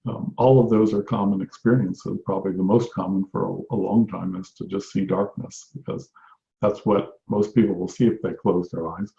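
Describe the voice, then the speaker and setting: A man giving an unhurried, reflective talk on meditation as a teacher, often restarting his phrases. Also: low-pitched, steady tone, vocal fry, mellow. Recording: echoey room, dull lo-fi sound.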